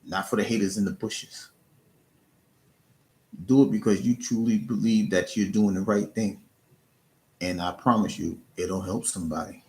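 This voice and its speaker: A man's voice: lowish voice, steady tone, normal speed, long pauses, darkish tone. A man streaming live, giving casual, earnest encouragement to his chat, often restarting and repeating words. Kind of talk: casual motivational talk.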